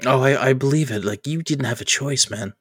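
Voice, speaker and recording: A man telling a personal story in a casual podcast chat, animated and acting out the people he quotes, often laughing. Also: medium pitch, brisk, breathy edge, no echo, studio quality. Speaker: podcast host.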